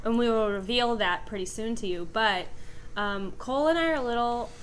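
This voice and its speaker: A woman's voice: on the high side, normal speed, a little hiss or hum. A young woman co-hosting a casual podcast, chatty and giggly. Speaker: podcast co-host. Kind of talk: casual chat.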